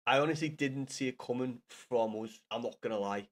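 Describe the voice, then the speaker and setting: A hungover Liverpool man in his thirties rambles to his stream viewers in a thick Scouse accent, swearing a lot and restarting sentences. His voice is mid-range and fairly quick.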